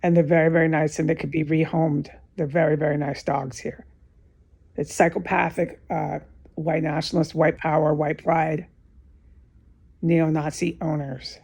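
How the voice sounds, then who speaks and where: Husky woman venting to camera by herself, lots of cussing and repeating herself, breathy rough voice. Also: low-pitched, flat delivery, normal speed, darkish tone. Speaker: vlogger giving testimony. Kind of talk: unscripted emotional monologue to camera. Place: alone in an indoor room.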